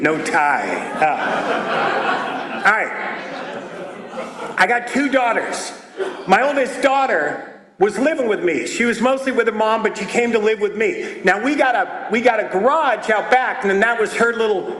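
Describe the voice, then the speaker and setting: An older man giving a comedic talk at a recovery meeting, animated and storytelling, breaking into shouts when acting out scenes. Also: sits high. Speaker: AA meeting speaker. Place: meeting room with audience. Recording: roomy echoing meeting hall.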